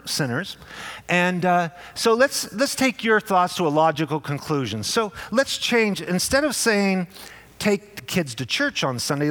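A male pastor preaching a sermon in a conversational, animated way, often repeating words and acting out quoted voices. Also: a little high.

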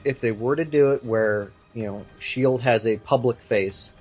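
A man's voice: mid-range voice, normal speed, husky, faint music behind. Opinionated man on a lo-fi podcast. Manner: opinionated, lots of "you know" fillers. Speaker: podcast co-host. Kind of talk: casual chat.

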